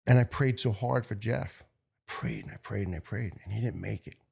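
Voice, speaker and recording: A middle-aged man from New York, a guest telling a personal story in an earnest, emotional way, halting and repeating words. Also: on the low side, creaky, darkish tone, slightly rough. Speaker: interview guest, retired firefighter.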